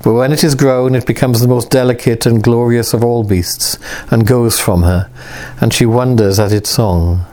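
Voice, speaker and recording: A man reading aloud the lines of an ancient spirit who rules a world, in a stately, unhurried way. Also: medium pitch, steady tone, mellow, natural voice. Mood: explaining.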